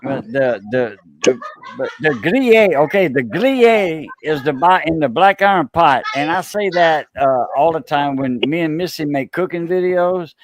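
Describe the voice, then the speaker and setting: A South Louisiana man with a Cajun accent hosts a casual chat, telling long, rambling stories that halt with many fillers and restarts. His voice is on the high side and expressive, with a little hiss or hum in the recording.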